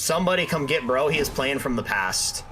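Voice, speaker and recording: A man's voice: medium pitch, lively intonation, a little fast, noisy background. A young man streaming a game, chatting casually with his viewers and joking, trash-talking and bantering playfully. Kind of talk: casual live-stream chat while gaming.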